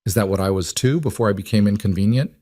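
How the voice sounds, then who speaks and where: A proud, wary pregnant young woman, bitter and defiant in every word, as a man reads her part. The voice sits fairly low and sounds dry and close. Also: quick pace, mellow, dry recording, lightly acted.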